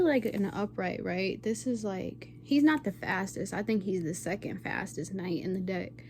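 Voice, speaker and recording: A woman's voice: mid-range voice, darkish tone, a little hiss or hum. A woman giving a casual, rambling intuitive tarot reading to viewers, often checking in with "okay?". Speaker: tarot reader.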